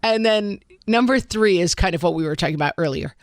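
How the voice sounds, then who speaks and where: A woman's voice: lowish voice, lively intonation, fairly quick, dry recording. A middle-aged woman co-hosting a parenting podcast, talking candidly and a little self-deprecatingly, thinking aloud with lots of "like.". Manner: candid, self-deprecating, talks through thoughts with many "like"s. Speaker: podcast co-host. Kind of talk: casual parenting chat.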